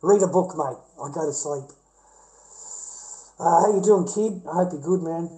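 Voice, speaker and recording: A man's voice: on the high side, normal speed, warm tone, low-quality recording. Profane, blunt Australian man ranting. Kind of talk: casual rant to viewers.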